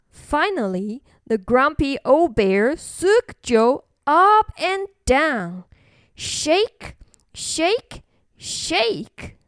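A woman narrating a bilingual children's story with slow, expressive, sing-song delivery, recorded close to the mic. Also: high voice, dry recording.

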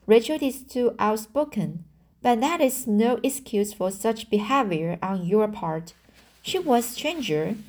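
A woman reading the part of a stern, dry-spoken middle-aged guardian, slowly and with restarts. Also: mid-range voice, warm tone, close to an everyday voice.

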